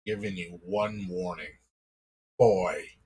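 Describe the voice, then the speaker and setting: A man's voice: deep voice, fairly even intonation, slow, warm tone, slight background noise, rough recording. A man voicing a furious young male werewolf who gives threatening warnings in a guttural growl. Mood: menacing.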